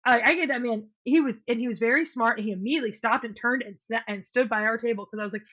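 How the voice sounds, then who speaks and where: Woman podcast co-host, chatty storyteller, slightly high voice, muffled lo-fi sound. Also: fast, hardly any pauses. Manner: animated storyteller, acts out quotes, swears. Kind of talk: casual storytelling chat. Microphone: podcast mic, remote call.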